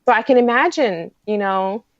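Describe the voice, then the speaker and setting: Rambling excitable woman, muffled sound. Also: medium pitch, normal speed, no room sound. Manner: rambling, excitable storytelling with many restarts. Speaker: podcast host. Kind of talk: casual chat.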